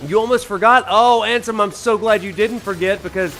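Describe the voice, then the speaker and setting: A man's voice: high-pitched, brisk, fairly bright tone. A man with a Southern US drawl hosting a live gameplay stream, greeting chat viewers with enthusiasm. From Alabama, USA. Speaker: streamer and professor. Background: faint game music.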